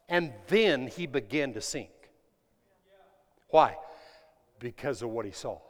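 A man preaching a sermon to his congregation, swinging between loud emphatic lines and hushed ones and asking them questions. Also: high voice, sing-song, a little slow. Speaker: pastor. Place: church sanctuary. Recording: long reverb of a large hall.

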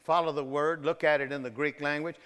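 A man preaches a sermon in a high-ish, bright and forceful voice. He jumps from loud bursts down to soft, hushed phrases, and his voice rings through a hall with a long reverb. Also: fairly even intonation, fairly quick, clear, resonant tone.

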